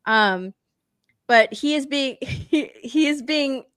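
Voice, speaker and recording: Animated, swearing woman ranting about TV. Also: high-pitched, takes it slowly, dry recording. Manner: animated, swears freely, laughs while ranting. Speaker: podcast co-host. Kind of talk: casual pop culture chat.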